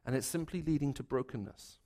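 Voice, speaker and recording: In a medium-pitched voice and at a slightly quick pace, a man delivers an earnest sermon. Repeated phrases build each point, and his voice falls to a hush when he tells stories.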